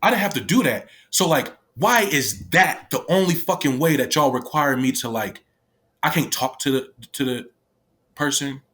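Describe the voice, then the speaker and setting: A fairly high-voiced man, swearing as he talks. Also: animated, fairly bright tone. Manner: profane, halting speech with many restarts. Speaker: former youth detention worker telling his story. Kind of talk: candid personal account.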